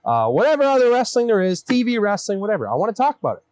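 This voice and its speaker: Host for backyard banter: man, fairly high voice, dry close sound, mock-exasperated. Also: very animated, rapid-fire, darkish tone, no echo. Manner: mock-exasperated, grumbling, teasing. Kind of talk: comedic casual banter. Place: outdoors in a backyard.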